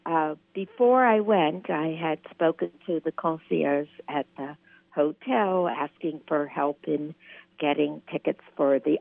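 Female radio caller, chatty storyteller, tinny phone line, gravelly. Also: low-pitched, no room sound. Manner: chatty, tells anecdotes with quoted voices.

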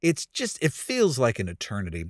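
A man's voice: mid-range voice, huge pitch swings, normal speed, dry recording, studio quality. Self-deprecating pastor man telling a story. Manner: self-deprecating, laughs through the punchline. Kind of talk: storytelling sermon with humor.

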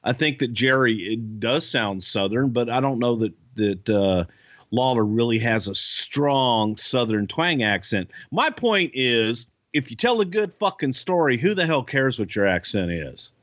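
A man's voice: mid-range voice, animated, unhurried, a bit bright, no room sound, muffled recording. A man co-hosting a casual podcast chat, blunt, swearing freely, with lots of fillers and restarts. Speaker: podcast co-host, wrestling insider.

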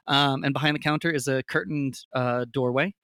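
A man's voice: mid-range voice, fairly even intonation, normal speed, a bit bright, clean tone, no room sound, clean studio sound. A man running a tabletop game as game master, describing scenes in a rambling way full of ums and uhs. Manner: rambling, filler-heavy descriptions.

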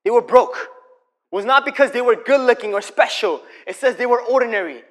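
A young man preaching a sermon in a church, moving between impassioned declarations and quiet, softer storytelling. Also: extremely high pitch, expressive, a little fast. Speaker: pastor.

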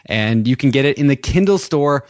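A man's voice: medium pitch, lively intonation, moderate pace, no echo, clean studio sound. A man co-hosting a podcast, chatting casually in an upbeat, promotional way. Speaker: podcast co-host.

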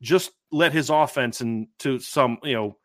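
A man co-hosting a sports podcast, talking with his usual mid pitch. He pushes his points hard, restarts sentences and keeps asking rhetorical questions. His voice is close and dry, with no room sound. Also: measured pace, fairly bright tone, no echo. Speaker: podcast co-host, football analyst. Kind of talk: casual sports podcast chat.

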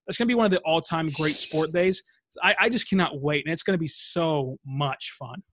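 A man's voice: on the high side, brisk, a bit bright, no echo, studio quality. A man who is a guest on a sports podcast, chatting enthusiastically. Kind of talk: casual sports podcast chat.

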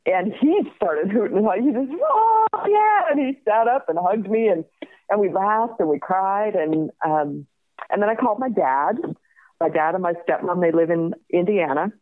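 A woman in her fifties, a guest telling her story in a lively way, laughing often and acting out the other voices. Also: lowish voice, moderate pace. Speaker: guest, crime survivor. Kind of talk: personal storytelling in an interview. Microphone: phone call. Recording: tinny phone line.

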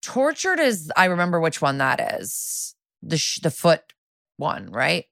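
A woman co-hosts a casual podcast and recaps a TV episode with a sarcastic edge. Her voice sits a little low. She acts out quotes in playful voices, and the recording sounds close and dry. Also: big pitch swings, measured pace, creaky, a bit bright, dry recording. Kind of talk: casual chat.

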